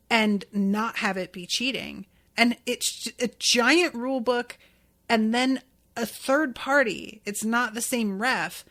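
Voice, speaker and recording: A woman's voice: mid-range voice, fairly bright tone. A woman hosting a podcast, recapping anime episodes in a chatty, casual way with fillers and some swearing. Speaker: podcast host.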